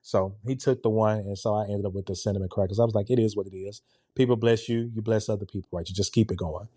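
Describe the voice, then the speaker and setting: Man in his forties, relaxed, dark-toned storyteller. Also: on the low side, fast, no echo. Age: 40s. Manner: animated, conversational, with a laid-back, relaxed tone. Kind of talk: casual storytelling.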